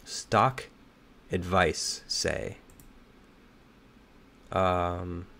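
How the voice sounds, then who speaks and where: A slightly hoarse man thinking aloud as he solves a crossword, reading clues and muttering and second-guessing his answers. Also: low-pitched, very slow, a bit bright. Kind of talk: thinking aloud while solving.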